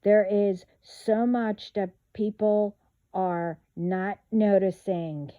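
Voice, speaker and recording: A woman vlogging in a casual monologue, talking haltingly with many fillers and trailing thoughts. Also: medium pitch, steady tone, mellow, dull audio.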